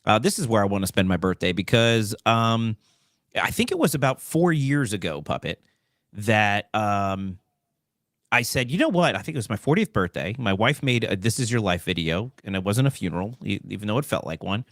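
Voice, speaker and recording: Joking talk show host in his 40s, bouncy lively delivery, dry close sound. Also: lowish voice, moderate pace, no echo. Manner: animated, joking, rambling.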